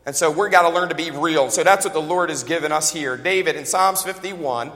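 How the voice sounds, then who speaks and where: A man preaching a sermon as a pastor, talking fast and joking in a conversational way, recorded with long hall reverb in a church. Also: fairly high pitch, a bit bright. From United States.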